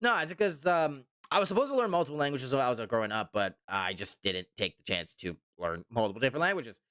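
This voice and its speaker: A man's voice: mid-range voice, expressive, fast talker, fairly bright tone, smooth, no room sound, studio quality. A man streaming live, chatting casually and reading viewer comments, rambling and repeating himself with mock indignation. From Canada.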